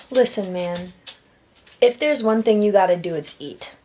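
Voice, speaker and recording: A tired young woman chatting casually in a vlog, emotional and quick to laugh. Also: mid-range voice, a little mellow, a little hiss or hum. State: tired from no sleep. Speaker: vlogger.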